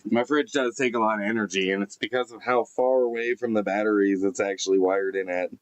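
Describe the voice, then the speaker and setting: A man's voice: fairly low pitch, fairly even intonation, a little fast. A man live-streaming from inside his van, chatting casually and rambling with swearing and fillers. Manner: rambling, laid-back, swears often, many fillers and restarts. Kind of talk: casual live-stream chat, reading and answering comments. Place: inside a broken-down van in a forest snow park. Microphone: computer camera setup.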